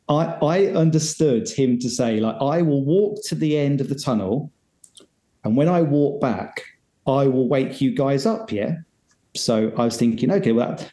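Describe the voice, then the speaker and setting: A man's voice: medium pitch, warm tone, echoey room. A man guesting on a podcast, telling a rambling, self-deprecating story with lots of restarts. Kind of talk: casual storytelling.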